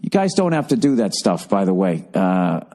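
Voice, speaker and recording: A man in his forties with a Boston accent, rambling through a profane, animated story as a podcast host. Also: low voice, moderate pace. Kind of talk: casual rambling monologue.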